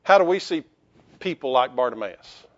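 A man's voice: medium pitch, expressive, moderate pace, highs cut off. A man pastor preaching a sermon in a conversational way, with restarts and rhetorical questions to the congregation.

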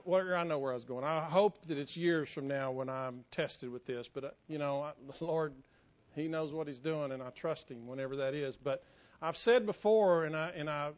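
Pastor guy preaching, folksy, cracks jokes at himself, kinda muffled lo-fi sound. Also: on the high side. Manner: folksy, self-joking, drops to a hushed tone for stories. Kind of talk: sermon. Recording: muffled lo-fi sermon recording.

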